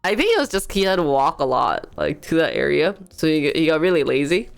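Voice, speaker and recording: A woman's voice: low voice, sing-song, fairly quick, vocal fry. Chatty woman streamer, faint music behind. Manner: chatty storytelling, frequent laughter. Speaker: livestreamer. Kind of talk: casual livestream chat.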